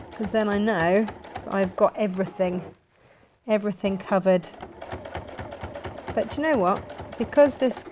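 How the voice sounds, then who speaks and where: A woman's voice: mid-range voice, background noise. A woman chatting casually through a sewing tutorial as she works, self-mocking and talkative. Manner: chatty, self-mocking, talks while working. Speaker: sewing vlogger and shop owner.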